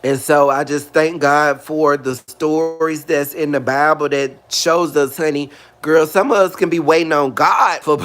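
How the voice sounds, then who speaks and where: Animated video host, male, a bit high-pitched, talks faith in a chatty casual way. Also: measured pace. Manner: animated, chatty, calls listeners honey and girl. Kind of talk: casual talk about faith to viewers.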